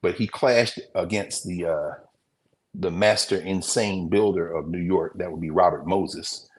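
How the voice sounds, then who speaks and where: Deep-voiced man giving a rambling lecture. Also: steady tone, darkish tone. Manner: conversational, digressive, with mid-sentence recall pauses. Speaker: teacher hosting a class show. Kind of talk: lecture, talking to viewers.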